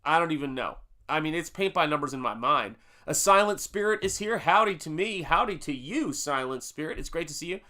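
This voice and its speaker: A man's voice: on the high side, expressive, a little fast, few pauses, pushed and bright. An upbeat American man hosting a live painting stream, greeting viewers from the chat by name with casual fillers. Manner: upbeat, reading out chat names with frequent fillers. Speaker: livestream host and painter.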